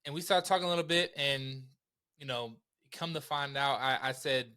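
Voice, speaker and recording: Bright-voiced man telling a story. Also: medium pitch, normal speed, clean tone. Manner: animated, slangy, acts out quotes, laughs often. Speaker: podcast guest, entrepreneur. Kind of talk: casual storytelling.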